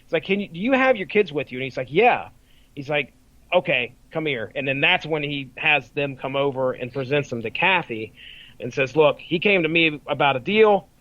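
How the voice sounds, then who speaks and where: Male podcast co-host, casual rambling storyteller, slightly high voice, close and dry. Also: lively intonation, moderate pace, bright, forceful tone, no echo, muffled recording. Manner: rambling retelling, swears and laughs freely. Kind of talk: casual chat.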